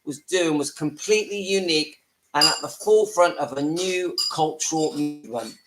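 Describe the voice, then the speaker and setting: A man with a somewhat high voice runs a casual live stream from home at a moderate pace, with loud music behind him and poor recording quality. He chats with his viewers and keeps stopping to deal with his family, hushing the children.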